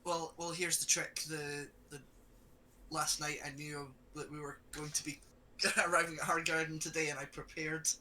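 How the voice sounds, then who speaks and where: Player in character, very bright, mid-pitched, faint background hiss. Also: flat delivery, normal speed, distant mic, rough recording. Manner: polite, hesitant, formal. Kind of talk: in-character role-play.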